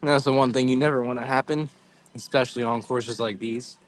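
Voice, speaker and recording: A man's voice: medium pitch, fairly even intonation, fairly quick, a little hiss or hum, rough recording. A man giving casual, upbeat live-stream play-by-play at an outdoor event. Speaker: event commentator. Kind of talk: live-stream sports commentary.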